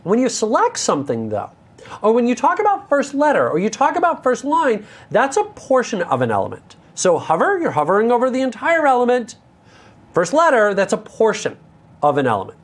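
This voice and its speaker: A man's voice: extremely high pitch, huge pitch swings, fairly quick. An American man teaching a live coding lesson, candid and self-deprecating, with joking asides. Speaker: instructor.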